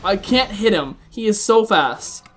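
A man hosting live gameplay commentary, excitable, swearing often and chatting to his viewers. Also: high voice, measured pace, a little hiss or hum. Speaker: gaming video host.

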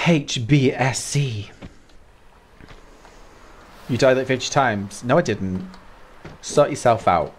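A man's voice: medium pitch, takes it slowly, long pauses. A British man chatting casually with viewers while he streams a game, greeting them by name and laughing often. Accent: British English. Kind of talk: casual live-stream chat while playing.

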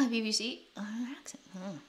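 A woman's voice: a little high, normal speed. Chatty woman, North American accent. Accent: North American English. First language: Chinese. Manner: chatty, rambling, frequent restarts and laughs. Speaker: drama channel host. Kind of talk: casual chat to camera.

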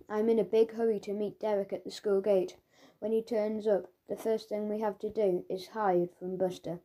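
Mellow woman reading a children's story. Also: mid-range voice. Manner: lively, storytelling, voicing a schoolboy's thoughts. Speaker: audiobook narrator. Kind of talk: first-person children's audiobook narration.

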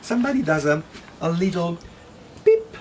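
A man's voice: mid-range voice, very animated, moderate pace, a crowd in the background. A man from Italy speaking English, playfully demonstrating a dessert as a cooking show co-host and humming along as he works. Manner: playful, exclaims, hums tunes while cooking.

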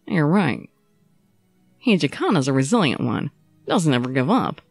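A brooding young swordsman, weakened by illness, speaks low and subdued with a wry edge, as a woman narrator puts him on. The voice sits dry and close to the mic. Soft music plays underneath. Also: very animated, normal speed, gravelly, dry recording, full character voice. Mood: reflective. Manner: low, subdued, teasing drawl. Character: young male samurai, ill, wry and brooding.

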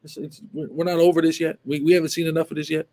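A man's voice: a little high, little pitch movement, quick pace, a little mellow. A man hosting live commentary, talking emphatically and repeating himself, often asking "right?". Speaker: show host.

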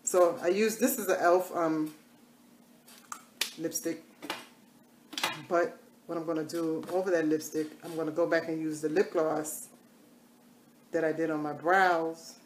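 A woman's voice: low-pitched, little pitch movement, a little slow, long pauses, roomy sound, slight background noise. A woman chatting casually through a live makeup tutorial, repeating catchphrases in a sing-song way. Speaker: makeup vlogger.

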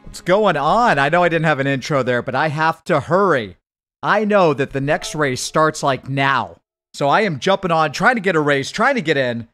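A quick, excitable man talks viewers through a live racing game stream. His voice sits a bit high and swings up and down. Faint game music and engine sounds play under him. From United States. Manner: hurried, excitable, chats with viewers.

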